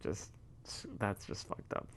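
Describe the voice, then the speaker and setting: A man's voice: slow, fairly bright tone, slight background noise. A man hosting a livestream, chatting casually in a rambling, profane way and laughing often. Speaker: livestream host. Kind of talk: casual chat.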